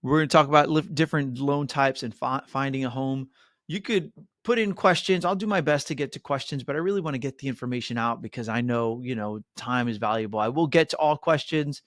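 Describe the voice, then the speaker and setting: A man's voice: medium pitch, fairly quick, fairly bright tone, no echo, studio quality. A middle-aged man hosting a mortgage webinar, chatty and upbeat, with many fillers and "right?" asides. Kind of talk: webinar presentation.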